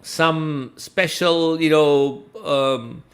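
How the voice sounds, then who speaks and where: A man's voice: fairly high pitch, fairly even intonation, drawn-out words. A man co-hosting a casual motorsport podcast, talking hesitantly with many fillers and restarts. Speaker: podcast co-host, F1 commentator. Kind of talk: casual chat.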